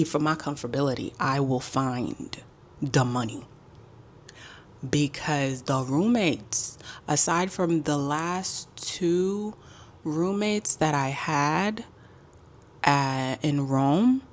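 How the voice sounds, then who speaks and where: A woman with a low, deep-set voice tells a travel story to the camera. She is sassy and emphatic, and she punches her points with animated flair. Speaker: travel vlogger. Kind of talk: casual storytime vlog.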